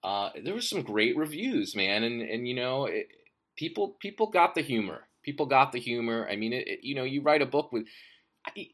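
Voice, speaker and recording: A man's voice: mid-range voice, big pitch swings, normal speed, fairly bright tone. A man, an author, talking about his writing in a casual monologue, swearing often and rambling enthusiastically. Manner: profane and rambling.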